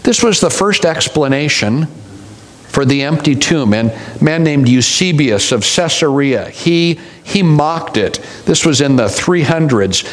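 Man preaching, somewhat high voice. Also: lively intonation, measured pace, low-quality recording. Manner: storytelling, with wry humorous asides. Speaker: pastor. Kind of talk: sermon.

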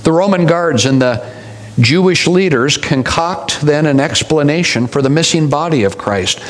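Male pastor, sermon, higher-pitched, storytelling with dry humorous asides. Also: lively intonation, normal speed, rough recording.

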